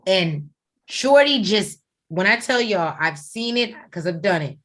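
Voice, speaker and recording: A woman's voice: medium pitch, animated, measured pace, a bit bright. A woman in her forties co-hosting a casual review chat, blunt and profane. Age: 40s. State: tired, coughing. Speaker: co-host.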